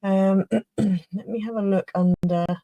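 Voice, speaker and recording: A woman hosting a craft livestream in casual chat, flustered and restarting her sentences, with a slightly rough throat. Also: mid-range voice, fairly even intonation, a little slow, dark tone, no room sound, low-quality recording. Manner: chatty, flustered, trailing off and restarting.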